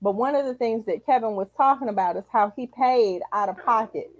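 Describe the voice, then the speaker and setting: Woman, talk show host, outspoken, joking, fairly high voice. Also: brisk, highs cut off, a little hiss or hum. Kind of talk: casual talk show chat.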